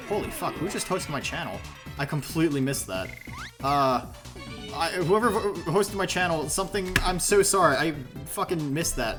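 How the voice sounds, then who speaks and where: Lively rambling male game streamer. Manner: rambling, profane, lots of fillers and self-corrections; animated, jumpy pitch. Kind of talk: casual commentary while playing a video game. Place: home streaming setup. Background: video game music.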